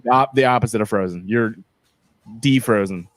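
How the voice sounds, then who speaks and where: A man's voice: medium pitch, moderate pace, dry recording. Joking male podcast host, dry sound. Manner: joking, filler-heavy, teasing. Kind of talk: casual chat.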